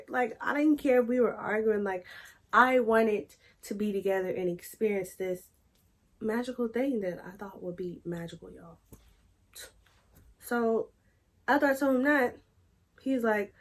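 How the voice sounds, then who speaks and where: A woman's voice: medium pitch, normal speed. Chatty young woman telling a story. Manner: chatty, animated, addresses viewers as y'all. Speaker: storytime vlogger. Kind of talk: casual storytelling to camera.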